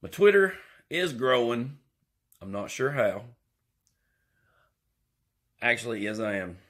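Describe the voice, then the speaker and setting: Slow, rambling man. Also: mid-range voice, big pitch swings, fairly bright tone. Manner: rambling, jokey, drawling. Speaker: vlogger. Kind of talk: rambling comic vlog. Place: indoors.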